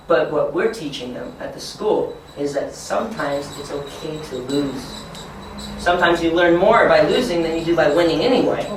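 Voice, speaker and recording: A man training teachers, talking encouragingly and acting out excited children in a high voice. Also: moderate pace, slight background noise. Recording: echoey room from far off.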